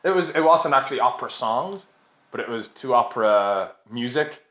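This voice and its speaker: A man's voice: mid-range voice, animated, a little fast, fairly bright tone. A young Irish man in his late twenties, a podcast guest, telling stories in a chatty, self-mocking way and laughing often. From Ireland. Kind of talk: casual storytelling. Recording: roomy, slightly dull recording.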